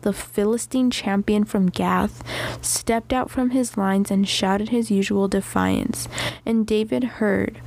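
A woman hosts a relaxed faith podcast with a voice that often drops into vocal fry. Her pitch sits in a typical middle range. She retells a Bible story in a loose, chatty way, full of "like", and reads scripture aloud between her comments. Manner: conversational, chatty paraphrasing with frequent "like". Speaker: podcast host.

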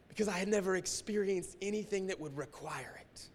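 A man preaching a sermon as a pastor, emotional, moving between hushed, near-whispered passages and forceful climaxes. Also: high-pitched, a little fast, hardly any pauses, in a large hall.

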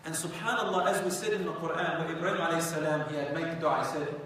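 A man's voice: a little high, steady tone, fast talker, hardly any pauses, fairly bright tone. A man teaching religious history as a conversational storytelling lecture, often asking his listeners rhetorical questions. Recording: echoey hall from far off, faint noise.

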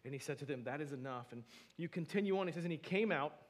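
A male pastor preaching a sermon to his church, his delivery swinging between loud and soft. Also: fairly high pitch, animated, quick pace.

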